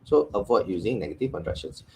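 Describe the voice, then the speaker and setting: A man's voice: lowish voice, animated, fast talker, creaky, warm tone, a little hiss or hum, rough recording. A middle-aged man with a Malaysian English accent gives an online workshop on communication, teasing his listeners and stressing key words. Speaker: communication trainer.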